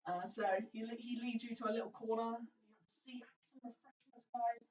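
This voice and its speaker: A woman's voice: fairly high pitch, completely flat delivery, normal speed, a little mellow. Woman running a tabletop game, echoey. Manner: chatty, laughing, swears in quoted lines. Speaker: dungeon master. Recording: roomy, distant, dull lo-fi mic.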